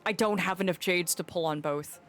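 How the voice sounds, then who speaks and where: A woman streaming a game, chatting casually in an animated, rambling and playful way. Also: on the low side, brisk, soft background music. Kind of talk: casual gameplay commentary.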